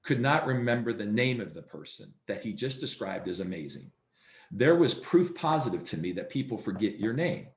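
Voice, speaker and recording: Low-voiced man giving a sales training. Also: very animated, moderate pace, gravelly. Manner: acts out dialogue in his stories. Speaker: real estate sales trainer. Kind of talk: training presentation. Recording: roomy echo.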